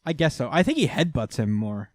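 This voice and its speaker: A man's voice: mid-range voice, sing-song, fairly quick, no room sound. A man co-hosting a podcast, loosely retelling an anime episode with lots of fillers. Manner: rambling, filler-heavy retelling. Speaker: podcast co-host. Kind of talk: casual anime recap chat.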